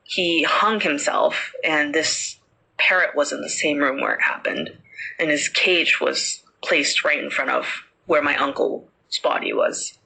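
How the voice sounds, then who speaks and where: A woman voicing a young man who calmly explains his family's parrot, matter-of-fact and casual in a spoken ghost story. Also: low voice, unhurried, vocal fry, husky, exaggerated voice, rough recording.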